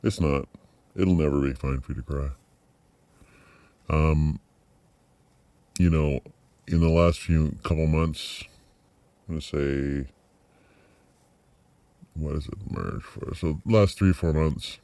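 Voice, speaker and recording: A middle-aged man with an extremely low, deep voice muses aloud in a personal video diary. He pauses often, circles back and restarts his sentences. The sound is dry and close, with almost no room echo. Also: warm tone. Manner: reflective, halting with many fillers and restarts. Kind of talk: personal vlog monologue.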